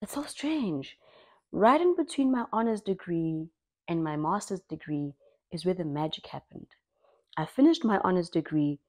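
A young South African woman telling her own story in an expressive, lively way, as a personal vlog. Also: on the low side. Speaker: vlogger.

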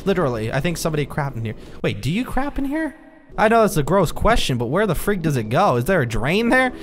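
A man giving commentary while playing a horror game, panicking with yelps and strings of rapid protests. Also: on the high side, very animated. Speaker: let's play gamer. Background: game music.

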